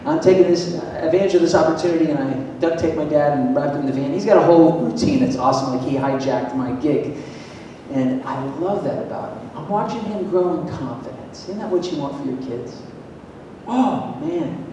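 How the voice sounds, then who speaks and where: A man from Florida giving a lively, emphatic talk to an audience, asking them questions, heard from a distance in a large hall. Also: brisk. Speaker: motivational speaker at a school event. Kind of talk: energetic public talk to an audience. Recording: echoey hall, distant mic, faint rumble.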